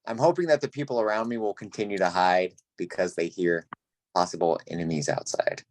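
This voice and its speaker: A man playing in a tabletop game, talking in an unhurried, hesitant way with fillers. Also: low voice, no room sound. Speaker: player. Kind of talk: casual tabletop play.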